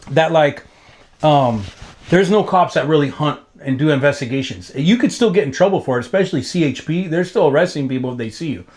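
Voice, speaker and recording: Fifties guy from los angeles, raised voice, cussing and slang, rambles and restarts, spikes up when he gets hyped. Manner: animated, pitch jumps up when excited. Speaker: graffiti writer being interviewed. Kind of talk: casual interview storytelling.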